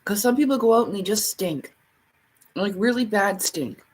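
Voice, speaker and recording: Chatty husky woman livestreaming. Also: medium pitch, expressive, normal speed. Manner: chatty, rambling, laughs often, puts on voices. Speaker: livestream host. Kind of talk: casual livestream chat.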